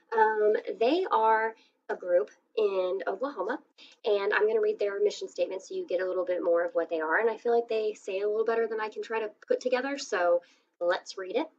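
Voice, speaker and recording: A woman podcast host speaks alone after the interview at a mid pitch. She talks in a loose, casual way full of ums. The audio sounds dull and lo-fi. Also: fairly quick, a little mellow. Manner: loose, casual, filler-heavy. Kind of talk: solo podcast outro.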